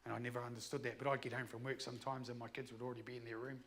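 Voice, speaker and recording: A man's voice: mid-range voice, level tone, rapid-fire, fairly bright tone, slight background noise. A man telling a candid personal story in a blunt, swearing way. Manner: blunt, swears freely, acts out his own past outbursts. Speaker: speaker sharing his story.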